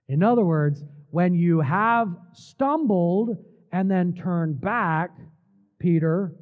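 A man preaching a sermon, slowing down for emphasis and dropping his voice to near quiet at key words. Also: sits high, animated. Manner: preaching with slow, emphatic pauses and dramatic drops in volume. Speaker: pastor. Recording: tinny phone-like sound.

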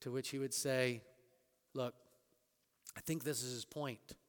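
A man preaching a sermon as pastor, rising to emphatic scripture quotes and dropping to quiet asides. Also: medium pitch, fairly even intonation, a little slow, clean tone, in a large hall.

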